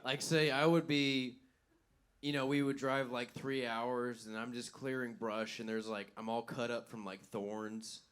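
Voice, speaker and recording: A man's voice: medium pitch, steady tone, unhurried, fairly bright tone, clear, resonant tone. A young man co-hosting a live comedy podcast, telling crude, rambling stories and laughing at his own jokes. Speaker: podcast co-host. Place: live venue stage.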